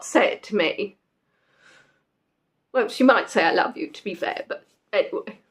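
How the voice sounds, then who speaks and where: Quiz host: young woman, chatty and playful, voice sitting a little high. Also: expressive, a little slow, long pauses, a bit bright. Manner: chatty, reads out answers, jokes with players. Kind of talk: casual live quiz chat.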